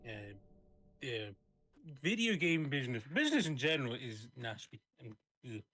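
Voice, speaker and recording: Chatty guy on a gaming stream, bright tense voice, keeps things easygoing. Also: mid-range voice, very animated, normal speed. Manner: chatty, reassuring. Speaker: co-op guest player. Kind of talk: casual gaming stream chat.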